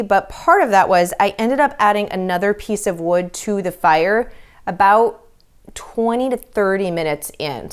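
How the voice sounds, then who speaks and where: A woman's voice: fairly low pitch, smooth. Chatty woman showing her wood stove cooking. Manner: chatty, talks straight to the viewer. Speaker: homesteading channel host. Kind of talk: cooking demonstration.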